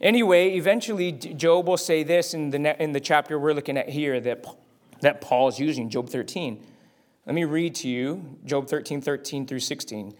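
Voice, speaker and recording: A man preaching a sermon as a pastor, conversational, asking rhetorical questions and shifting pitch and volume for emphasis. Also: normal speed.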